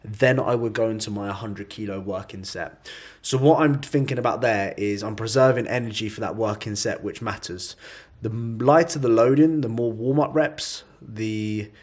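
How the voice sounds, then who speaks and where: A man's voice: lowish voice, moderate pace, a little mellow. A young man talking to camera in a casual gym vlog, fired-up and blunt, swearing freely. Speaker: bodybuilder vlogger.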